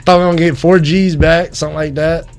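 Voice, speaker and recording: A man guesting on a casual podcast, recounting his troubles in an exasperated, profane way. His voice sits fairly high for a man. Music plays clearly in the background. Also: steady tone, quick pace.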